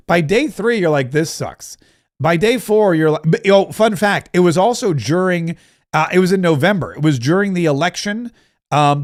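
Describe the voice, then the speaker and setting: A middle-aged man chats casually on his livestream, wandering from story to story and cracking jokes. His voice sits a touch higher than most men's. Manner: rambling, joking, reads out viewer comments. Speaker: livestream host.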